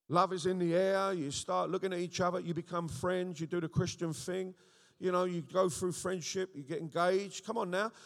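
Male preacher, high, gravelly voice, animated, asks the room questions, long hall reverb. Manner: animated, rhetorical, frequent call-and-response checks. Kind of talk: sermon.

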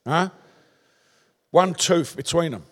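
A Cockney man from London preaches with a high voice, telling stories with lively flair and calling out to the congregation. His voice rings through a church auditorium with a long, lingering reverb. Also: slow. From London, England. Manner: animated storytelling with crowd call-outs. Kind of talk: sermon.

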